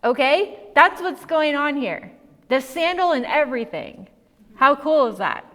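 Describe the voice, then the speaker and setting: A woman's voice: high-pitched, expressive, measured pace, fairly bright tone, big-room sound. A woman teaching a casual, playful Bible lesson and quizzing her class as she goes. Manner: chatty and playful, asks the class questions.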